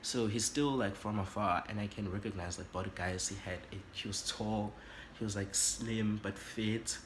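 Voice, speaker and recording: South african guy doing a storytime vlog, dramatic and animated, faint hiss behind. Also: on the low side, normal speed. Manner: animated and dramatic, switches languages. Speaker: YouTuber.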